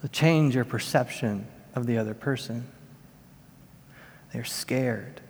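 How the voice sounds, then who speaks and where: A man in his thirties delivering a sermon as a pastor, in an earnest, measured storytelling manner. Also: medium pitch. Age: 30s. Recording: long reverb of a large hall.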